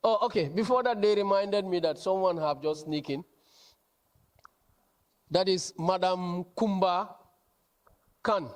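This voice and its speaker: A man who is a college registrar, introducing staff at a student orientation in a chatty way, often checking in with the audience. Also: high-pitched. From The Gambia. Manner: chatty, asks the audience "huh?" and "not so?".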